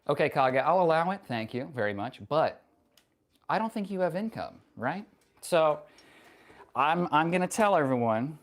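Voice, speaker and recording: A woman streaming a workout, chatting casually with viewers, wry and profane, teasing chat and straining between sets. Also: a bass voice. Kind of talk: casual livestream chat while working out.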